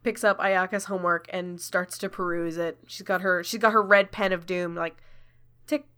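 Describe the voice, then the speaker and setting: A woman's voice: lowish voice, steady tone, normal speed, pushed and bright, clear, resonant tone. Giggly woman running a tabletop game. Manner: laughing, chatty, lots of fillers. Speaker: game master.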